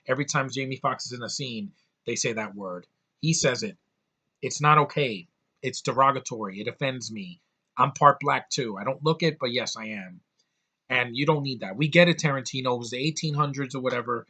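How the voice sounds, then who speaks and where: A man reviewing a movie in a loose, unscripted way, blunt and quick to curse, often stumbling and restarting mid-sentence. His voice is bright and forward, with a middle pitch. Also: slightly rough. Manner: blunt, rambling, swears often, many restarts. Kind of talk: casual film review.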